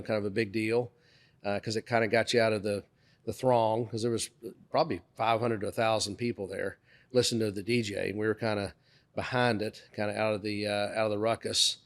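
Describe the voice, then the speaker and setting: A middle-aged man co-hosting a podcast, telling a story in casual conversation and acting out the dialogue. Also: on the low side. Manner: animated anecdote teller, acts out dialogue. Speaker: podcast co-host.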